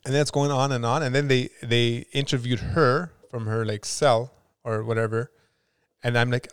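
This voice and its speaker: A man co-hosting a podcast rambles through a story in loose, casual chat, full of fillers and restarts. His voice is smooth and resonant at a middle pitch. The recording is dry and close. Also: fairly even intonation, moderate pace, no echo. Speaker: podcast co-host.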